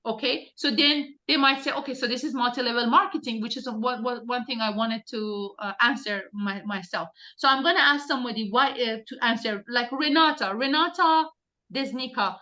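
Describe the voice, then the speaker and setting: A woman's voice: a little high, normal speed, pushed and bright, dull audio. A woman team leader coaching her recruiters on a group video call, talking directly and insistently with many restarts.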